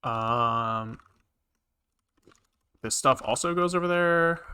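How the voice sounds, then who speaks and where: A man's voice: mid-range voice, slow, pushed and bright, smooth. A man streaming live coding, rambling casually with lots of fillers and the odd swear as he thinks aloud. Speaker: programming streamer.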